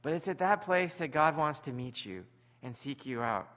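A man's voice: fairly high pitch, animated, moderate pace, fairly bright tone. A man preaching a sermon in an earnest, conversational way.

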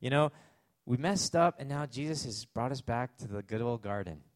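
A man's voice: mid-range voice, animated, moderate pace, no room sound. A man with a Canadian accent preaching a sermon as pastor, conversational, with asides and fillers.

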